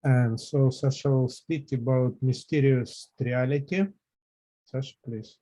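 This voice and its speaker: A man's voice: medium pitch, steady tone, unhurried, mellow, no room sound. A man hosting a seminar, briefly introducing the next speaker. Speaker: seminar host.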